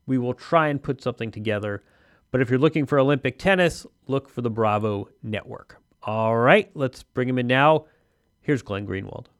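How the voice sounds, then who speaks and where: A man's voice: medium pitch, moderate pace, no echo, clean studio sound. A man hosting a podcast, chatty and friendly, introducing a guest and interviewing him. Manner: friendly, chatty, some filler hesitations. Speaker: podcast host.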